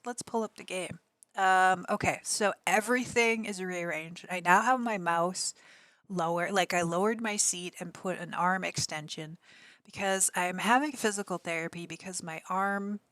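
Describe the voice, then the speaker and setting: A woman's voice: lowish voice, fairly bright tone, dry recording. A woman in her thirties with a Midwestern American accent, chatting casually with her live stream audience. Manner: chatty, rambling, reads chat aloud. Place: home gaming desk.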